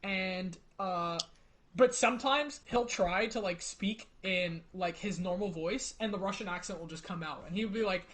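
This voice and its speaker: A man's voice: high voice, moderate pace, a bit bright, poor audio. A young man on a casual podcast, rambling with stammering restarts and casual swearing. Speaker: podcast guest, roleplayer.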